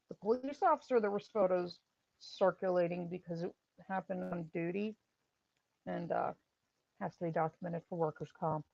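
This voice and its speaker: A woman's voice: mid-range voice, creaky, darkish tone, no echo, dull audio. A woman hosting a livestream, a former EMT telling blunt, wry stories from the job and laughing at them. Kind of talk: casual livestream storytelling.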